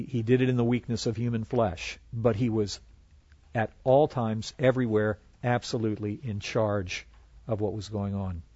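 A man teaching a Bible class in an earnest way, reading scripture aloud and often pausing on fillers. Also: mid-range voice, darkish tone, no room sound. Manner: earnest, with frequent fillers and restarts, quoting scripture. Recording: dry, dull lo-fi recording.

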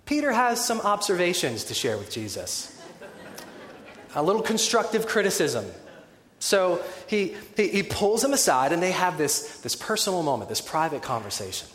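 A man preaching a sermon in a conversational, animated way, with wry humorous asides. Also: high-pitched, normal speed. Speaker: pastor. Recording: echoey hall with long reverb.

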